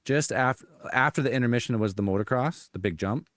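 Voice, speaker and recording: A man's voice: mid-range voice, a little fast, fairly bright tone, no room sound, clean studio sound. A man chatting casually on a podcast, laid-back and plain-spoken as he talks about his kids. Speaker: podcast co-host. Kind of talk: casual chat.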